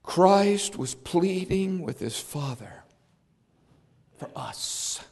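Impassioned male preacher, very high voice, big reverberant church hall. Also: lively intonation, very slow, vocal fry. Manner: impassioned, swinging from shouts to hushed tones. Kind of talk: sermon.

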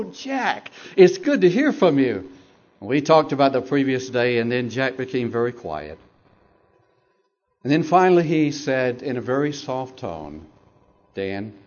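A middle-aged pastor from Georgia telling his own story in a sermon, with dramatic pauses and soft asides. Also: on the high side, lo-fi sound. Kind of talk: sermon testimony.

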